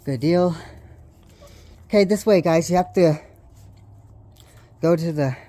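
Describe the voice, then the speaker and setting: A woman's voice: on the low side, slow pace, dark tone. A woman filming her puppies at home and in her yard, chatting to the camera and coaxing them outside, sometimes winded. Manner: coaxing and scolding puppies, often laughing and sighing. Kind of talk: casual vlog narration. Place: home and backyard, indoors and outdoors. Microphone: handheld video camera.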